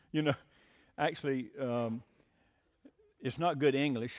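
A man's voice: mid-range voice, steady tone, slow. An older man preaching a folksy sermon as pastor, mixing homespun jokes with emphatic preaching. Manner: homespun, jokey asides, rising to emphatic preaching.

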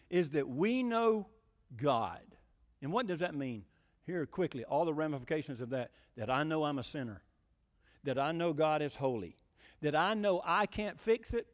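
Man, preacher, high voice, very lively pitch, emphatic, folksy sermon. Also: in a large hall. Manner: folksy, emphatic, rhetorical questions.

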